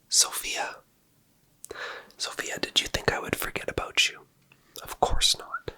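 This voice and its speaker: Breathy and hushed, this man's slow, playful whispering is made for his ASMR video.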